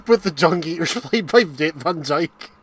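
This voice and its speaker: A man's voice: on the high side, expressive, measured pace, fairly bright tone, breathy edge. A man trading jokes and swearing freely while playing a co-op game on stream. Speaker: co-op gamer on stream. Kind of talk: casual gaming banter.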